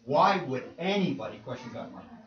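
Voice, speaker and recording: A man's voice: on the high side, expressive, a little fast. A man preaching in a conversational Bible class, asking the group questions and laughing often. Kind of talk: interactive Bible class teaching. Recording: roomy, distant, muffled room recording.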